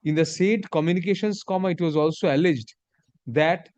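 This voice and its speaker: Man, judge, measured dictation, punctuation read aloud, fairly high voice, dry sound. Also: darkish tone, clear, resonant tone, no echo, highs cut off. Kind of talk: dictating a court order. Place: courtroom.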